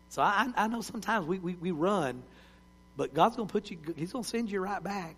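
A male preacher, telling stories in a sermon and swinging between loud cries and hushed words. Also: sits high, animated, brisk, slightly rough. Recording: long hall reverb.

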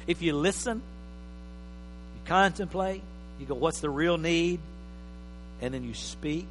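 A man preaching a sermon as pastor, emphatic, swinging from loud bursts to quiet asides. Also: a little high, unhurried. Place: church hall. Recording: reverberant hall with faint mains hum.

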